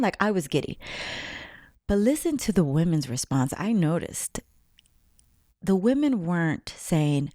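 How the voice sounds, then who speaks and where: Low-voiced woman telling a story. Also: a little slow, pauses often, dry recording, clean studio sound. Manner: animated storyteller, acts out overheard quotes in whispers. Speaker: spiritual vlogger. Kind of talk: casual storytelling monologue.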